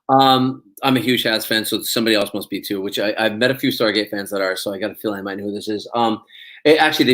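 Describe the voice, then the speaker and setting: A man's voice: medium pitch, fairly bright tone. A man, an actor being interviewed, talking casually and rambling with many restarts.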